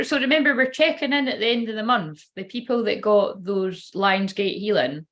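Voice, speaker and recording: A woman's voice: medium pitch, moderate pace, few pauses, a bit bright. A woman reading oracle cards in a casual, rambling livestream chat, swearing now and then. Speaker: tarot card reader.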